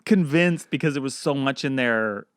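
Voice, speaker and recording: A man's voice: mid-range voice, moderate pace, clean tone, no room sound, studio quality. A man co-hosting a casual movie podcast, acting out lines from the film as he talks. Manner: animated, acts out movie lines with laughs. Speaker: podcast co-host. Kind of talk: casual movie review chat.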